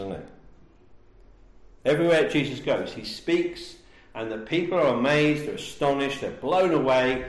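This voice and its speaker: A man preaching a sermon, emphatic and full of rhetorical questions. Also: mid-range voice. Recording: echoey room.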